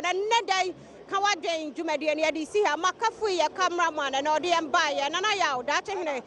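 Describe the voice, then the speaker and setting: A Ghanaian woman reporting from a busy outdoor station, interviewing passers-by and reading sponsor plugs and phone numbers in a brisk manner. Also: very high voice, a bit bright. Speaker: street reporter and host. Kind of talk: vox-pop street interviews and sponsor announcements.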